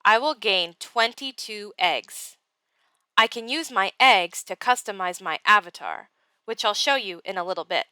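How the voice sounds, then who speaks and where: Brief: patient woman teacher, bright, clear voice, dry close sound, guiding a class step by step. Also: medium pitch, dry recording. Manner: slow, patient step-by-step explaining. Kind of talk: classroom tutorial and read-aloud.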